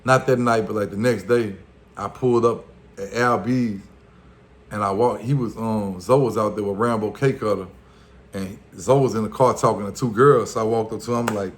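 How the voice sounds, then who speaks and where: A man's voice: fairly low pitch, fairly even intonation, moderate pace. A man with a Louisiana accent telling a story from his past in loose street slang, full of fillers and acted-out quotes. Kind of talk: casual storytelling.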